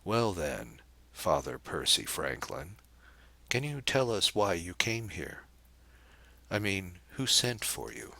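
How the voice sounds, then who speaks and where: A man reading the part of a poised young woman who speaks lightly, with a gentle mocking edge. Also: low voice, very animated, slow, creaky, no room sound, full character voice. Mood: cool, mocking.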